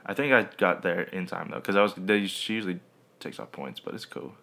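A young man co-hosting a casual podcast from his bedroom, playful and quick to laugh. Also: low voice, expressive, vocal fry, fairly bright tone. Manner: laughs often, playful and joking. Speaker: podcast co-host. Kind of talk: casual chat.

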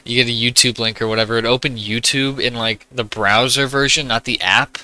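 A young man hosting a casual podcast, relaxed and swearing freely as he chats. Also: mid-range voice, a little fast. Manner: relaxed, swears freely, eats while talking. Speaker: podcast host. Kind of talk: casual chat.

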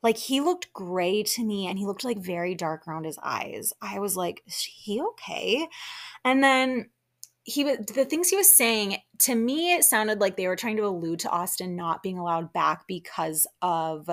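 Woman host, animated casual recap talk, mid-pitched, peppered with fillers. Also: moderate pace. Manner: chatty and animated, lots of "like" and laughs. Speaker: podcast host. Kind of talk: casual reality TV recap chat.

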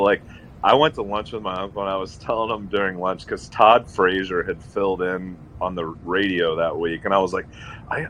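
Slight background noise and rough audio surround this low male voice. As co-host of an easygoing sports podcast, he spins animated stories full of "like" and chuckles at himself along the way.

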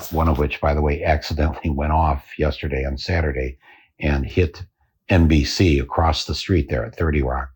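A man hosting a podcast, delivering a satirical comic monologue in a dry, deadpan way. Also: sits low, slightly rough. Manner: dry, deadpan telling with chuckles. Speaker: podcast host.

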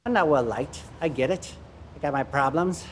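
A man voicing a brokenhearted, pathetic male cop in a comedy series clip, talking in a gruff, blunt way. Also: a little high, moderate pace, a little hiss or hum, voice pushed up, close to an everyday voice. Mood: self-pitying.

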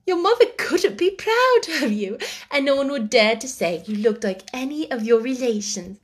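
A woman reading aloud, voicing an eager, warm-hearted little girl in a bright, breathy voice. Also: sits high, expressive, normal speed, pitched above the performer's own voice.

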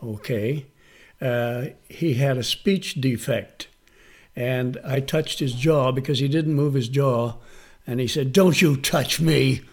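A man's voice: medium pitch, takes it slowly. A man coaching magicians, telling an anecdote in an interview and acting out the quoted voices. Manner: animated, acts out quoted voices. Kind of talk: storytelling in an interview.

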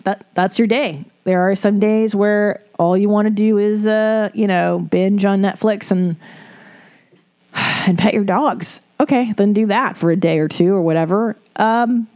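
A middle-aged woman talks through listener problems in a loose, candid way, with frequent swearing and quick laughs. Her voice is mellow and warm and sits at an ordinary pitch. It sounds like an unscripted podcast chat. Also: steady tone. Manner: frank, swears freely, laughs often. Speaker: podcast host giving advice. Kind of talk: casual advice chat.

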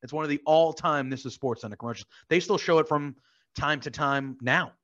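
Brief: excitable guest telling a story, fired-up sports fan, dull muffled webcam sound. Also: male voice, fairly high pitch, a little fast. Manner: animated storyteller, heated sports banter, swears. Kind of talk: casual chat. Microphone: video call.

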